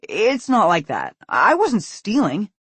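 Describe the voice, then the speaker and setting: Desperate teen boy, voiced by a male narrator, high and husky. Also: huge pitch swings, slow pace, a bit bright, dry recording, full character voice. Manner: desperate, pleading. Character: panicked teenage boy caught sneaking into houses.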